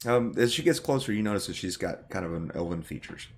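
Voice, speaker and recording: A man's voice: sits low, expressive, fast, a little mellow. A man narrating as game master in a tabletop game, with a loose, hedging style full of "kinda".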